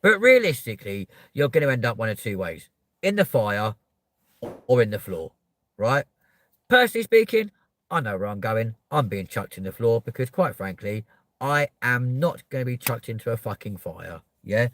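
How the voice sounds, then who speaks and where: A man's voice: medium pitch, very animated, normal speed. Heated, profane man. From Kent, England. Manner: profane, heated, swings into shouting. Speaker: livestreamer. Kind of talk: live stream rant, reading chat.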